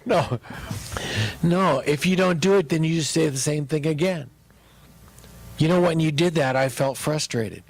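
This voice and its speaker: A man pastor teaching about marriage, joking and animated as he speaks to his listeners. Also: fairly high pitch, unhurried, creaky, pauses often, dry recording, poor audio.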